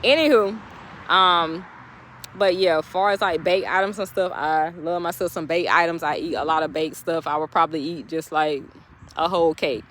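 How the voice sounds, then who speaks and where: A woman's voice: lowish voice, moderate pace, fairly bright tone, slight background noise. A woman speaking, giving a chatty, encouraging motivational talk to her viewers, turning preachy at times. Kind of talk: casual motivational talk to camera.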